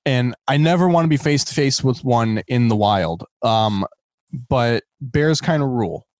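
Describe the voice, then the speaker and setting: Podcast co-host, man, rambly, lively pitch, dry sound. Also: unhurried, dry recording. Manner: rambling, lots of likes and restarts, laughs easily. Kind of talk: casual chat.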